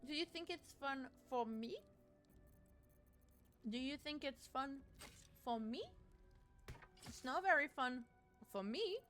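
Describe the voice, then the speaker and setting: A woman's voice: high voice, lively intonation, takes it slowly, pauses often, fairly bright tone, soft background music. A woman streaming a video game, chatting casually and talking back to the characters on screen in a self-mocking way. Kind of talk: casual gameplay commentary.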